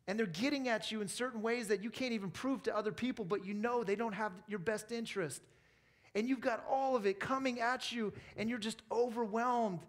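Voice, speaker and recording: A pastor with an American accent preaching a weekend church sermon in an earnest, conversational way, mixing scripture with family stories and playful asides. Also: male voice, high-pitched. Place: church service.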